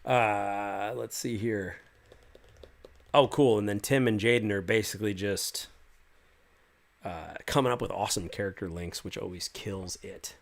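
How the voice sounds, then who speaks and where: A man with a fairly low voice chats casually on a livestream as a game master. He reads out viewer comments and answers each one in a loose, rambling way, full of restarts and little fillers. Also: steady tone, unhurried, gravelly. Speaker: game master and stream host.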